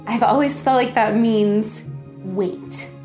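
A woman casually telling a personal story, laughing often and acting out the dialogue in lively voices. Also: a little high, takes it slowly, music in the background.

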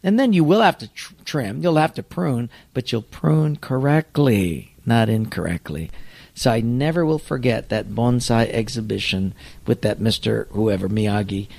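A man who is a pastor, telling an anecdote in an animated storytelling manner. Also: mid-range voice, moderate pace, vocal fry. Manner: animated, lively storyteller acting out voices.

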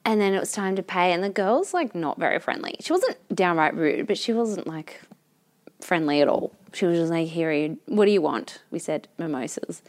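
A woman's voice: fairly low pitch, lively intonation, moderate pace. An Australian woman co-hosting a casual podcast chat, telling stories and swearing freely. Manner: chatty storyteller, swears casually. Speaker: podcast co-host.

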